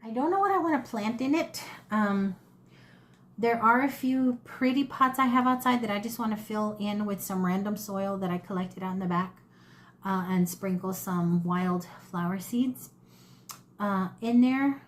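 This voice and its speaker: A woman's voice: medium pitch, a little slow. A woman, chatting casually and rambling in a folksy way as she shows off her thrift finds. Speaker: thrift haul vlogger. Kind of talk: casual chat to camera.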